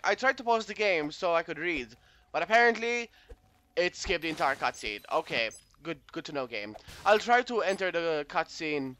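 A man's voice: high-pitched, animated, brisk, pushed and bright. A man doing let's play commentary, reading game text aloud and grumbling and swearing when the game annoys him.

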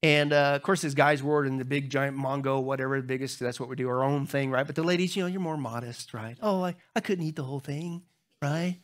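A middle-aged man preaching a sermon as pastor, telling funny stories to the congregation and jumping into high voices when he acts out other people. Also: fast, few pauses. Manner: humorous storytelling, talks to the crowd; animated, jumps into high squeaky voices when acting out others.

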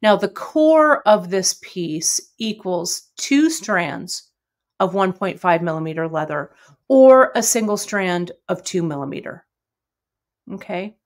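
A woman's voice: mid-range voice, animated, takes it slowly. A middle-aged woman hosting a live jewelry-making stream, chatting with viewers in a friendly, rambling way full of fillers. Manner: chatty, warm greetings to viewers, many fillers. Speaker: bead shop host. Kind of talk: casual live-stream chat and jewelry demo.

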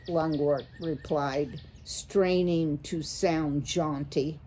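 A woman slowly reading a children's chapter book aloud to listeners. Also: sits low, a little mellow, husky. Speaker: storyteller.

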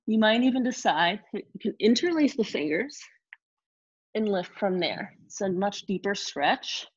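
A woman teaching a live online yoga class, giving calm step-by-step cues between sighs and exhales. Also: medium pitch, a little slow, slightly rough, highs cut off. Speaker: yoga instructor.

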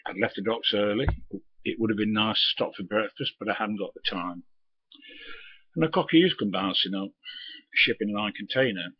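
A man's voice: fairly low pitch, normal speed, husky, dry recording, muffled recording. An older man, bluntly telling stories from his trucking days and acting out the voices in them, with a lot of swearing. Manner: blunt, swears freely, acts out his own and others' lines. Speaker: retired lorry driver telling stories. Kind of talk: casual storytelling monologue.

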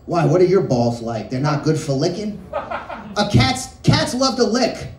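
A man's voice: high-pitched, animated, measured pace, background noise. A man doing a profane, absurd stand-up set in a small bar, jumping between tangents. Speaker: stand-up comedian. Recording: echoey bar room, distant mic.

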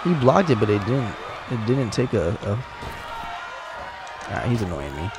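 A man giving casual, excitable commentary while playing a wrestling video game, teasing and talking to the characters on screen. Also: on the low side, slow pace, crowd noise, noisy background. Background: game music.

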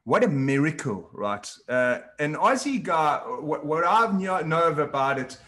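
A man's voice: on the high side, sing-song, a little slow, sharp tone. A man hosting an interview show, listening closely and asking reflective questions. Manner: attentive, frequent murmured agreement. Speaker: talk show host. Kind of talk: interview chat.

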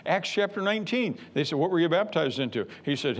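A male pastor preaching a sermon in an emphatic, repetitive way, rising into loud bursts. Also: on the high side, expressive, fast.

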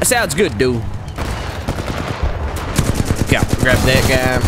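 A young man hosting a let's play, giving excitable, slangy commentary with yelps of surprise. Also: on the high side, moderate pace, long pauses. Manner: excitable, yelping reactions, slangy. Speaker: gaming channel host. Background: loud game audio, music and gunfire.

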